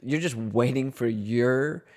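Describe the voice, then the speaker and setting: A man's voice: medium pitch, takes it slowly, a little mellow. A man in his thirties co-hosting a podcast with his wife, talking earnestly in a loose, rambling way with many restarts. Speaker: podcast co-host. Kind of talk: casual podcast chat.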